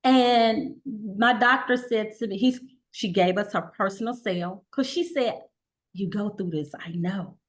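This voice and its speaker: A middle-aged woman guest telling her story in a relaxed conversational way, acting out the voices of the people she quotes. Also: mid-range voice, unhurried. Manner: animated, acts out quoted dialogue.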